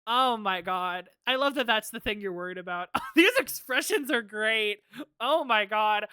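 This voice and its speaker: A woman streamer giving animated, sarcastic commentary on a game and laughing often. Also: on the high side, unhurried, smooth, no echo, clean studio sound.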